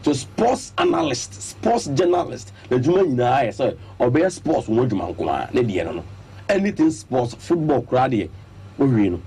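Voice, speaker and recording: On a radio sports show, a Ghanaian-accented man speaks at a moderate pace in a slightly rough mid-range voice. His analysis is animated and emphatic, switching between Twi and English as he goes through his points one after another in the studio.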